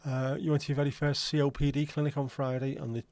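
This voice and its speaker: A man's voice: mid-range voice, level tone, fast, darkish tone, no room sound. A man hosting a live stream, chatting casually and teasing his viewers as he reads and answers their comments. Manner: friendly, teasing banter with viewers. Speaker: livestream host.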